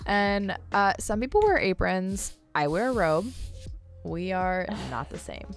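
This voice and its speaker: A woman's voice: mid-range voice, very animated, a little slow, soft background music. A woman woodworker narrating her build in a chatty, wry voice-over. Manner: wry and chatty, with dry jokes. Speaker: woodworker and channel host.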